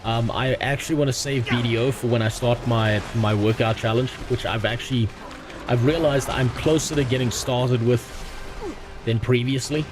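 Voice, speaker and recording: A young man chats casually while streaming a game, rambling from topic to topic. His jokes are crude and delivered deadpan. His voice is mid-pitched, with a faint hum in the background. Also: moderate pace. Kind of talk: casual chat while gaming.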